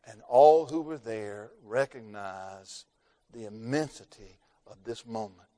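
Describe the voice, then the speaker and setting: Male preacher, sermon storytelling, dramatic, loud peaks and hushed drops, slows on key words. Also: fairly low pitch.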